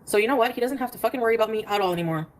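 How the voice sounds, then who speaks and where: A woman on a casual livestream, rapidly recounting a quarrel by reading out her text messages. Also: fairly high pitch, a little hiss or hum, poor audio.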